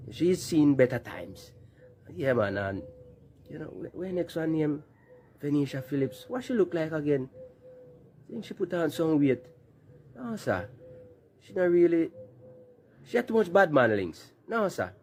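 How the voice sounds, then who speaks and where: A man's voice: medium pitch, darkish tone. Mocking Jamaican man, faint noise. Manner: mocking, laughs often, speaks Jamaican patois. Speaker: commentator. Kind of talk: casual political commentary.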